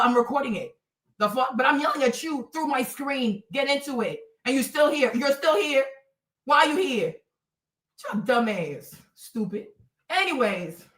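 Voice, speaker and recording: High, bright-voiced woman ranting to chat. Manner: blunt and profane, addresses commenters directly. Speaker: live streamer. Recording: roomy, from a distance.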